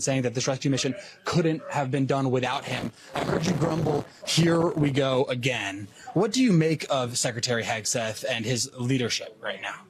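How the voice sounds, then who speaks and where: A man working as a news reporter, asking veterans formal, measured questions. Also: medium pitch, noisy background. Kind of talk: news interview.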